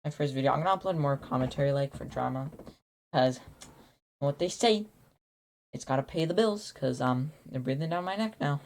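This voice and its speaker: A man telling an absurd made-up origin story in a rambling, deadpan way, full of restarts and acted-out quotes. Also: on the high side, moderate pace, slight background noise. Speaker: YouTuber.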